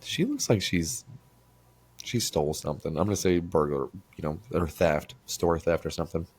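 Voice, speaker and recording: Crude deep-voiced podcast guy. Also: normal speed, breathy edge. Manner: crude, animated storyteller, acts out quoted voices. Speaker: podcast co-host. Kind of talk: casual podcast chat. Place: small studio room.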